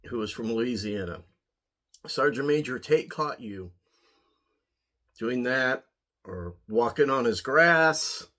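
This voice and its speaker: A man's voice: medium pitch, sharp tone. A man from Ohio, an army veteran, telling a story in a casual, wry way and chuckling at himself. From Ohio, USA. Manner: wry, dry, chuckling at his own story. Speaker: pipe-smoking vlogger, army veteran.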